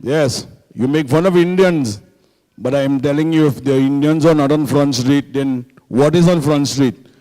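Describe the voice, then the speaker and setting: A man's voice: on the high side, moderate pace, pauses often, darkish tone, lightly acted. A man putting on a cheeky T-shirt seller. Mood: teasing. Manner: teasing, mocking the crowd. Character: cheeky male T-shirt seller with mock accent. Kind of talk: stand-up comedy bit.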